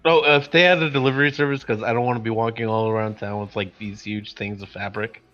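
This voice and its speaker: Wry, bright-voiced male player. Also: lowish voice, steady tone, fast. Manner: chatty and wry, telling what his character does. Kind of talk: casual tabletop role-play chat. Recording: muffled lo-fi with faint music.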